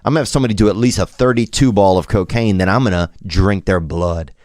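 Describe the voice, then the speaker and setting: A man's voice: fairly low pitch, fast talker, darkish tone, dry recording. A man in his thirties with a Southern American accent, telling a rambling, self-deprecating story in a casual monologue.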